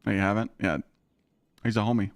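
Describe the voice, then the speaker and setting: A man's voice: lowish voice, steady tone, brisk, no echo, studio quality. A man live-streaming games, chatting casually with his viewers, ranting with lots of swearing and frequent laughter. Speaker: gaming streamer.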